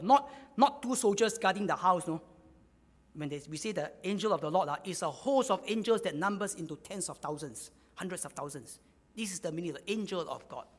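A man's voice: sits high, in a large hall. A man preaching a sermon, repeating key phrases for emphasis.

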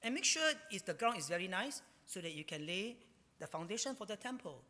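A man preaching a sermon in a church hall. He talks in an animated way and ends many phrases with a drawn-out "ah". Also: sits high. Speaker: pastor. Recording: long reverb of a hall.

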